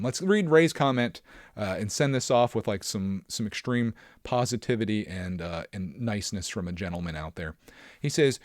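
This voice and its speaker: A man's voice: fairly low pitch, no room sound, clean studio sound. Rambling man hosting a solo podcast. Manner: rambling, filler-heavy and self-deprecating. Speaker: podcast host. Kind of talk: casual solo podcast chat.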